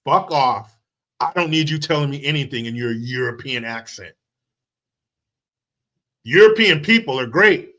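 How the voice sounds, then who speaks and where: A man's voice: medium pitch, animated, a little slow, pauses often, sharp tone. A man from the United States hosting a commentary show, ranting with sarcastic, crude, combative talk. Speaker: commentary channel host.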